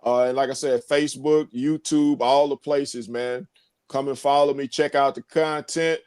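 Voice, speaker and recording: Male guest from New Orleans, relaxed and friendly, dry mic. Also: medium pitch, normal speed, smooth, dry recording. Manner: easygoing, says "man" and "y'all". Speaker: guest, sports talk host. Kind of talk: casual sports talk.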